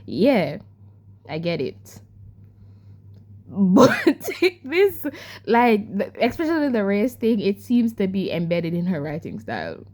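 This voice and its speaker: A young woman chatting on her book vlog in an ordinary middle pitch, sounding exasperated. She stumbles over her words, repeats herself and keeps throwing rhetorical questions at the audience. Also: sing-song, normal speed, warm tone. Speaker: book vlogger. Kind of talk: casual reading vlog to camera.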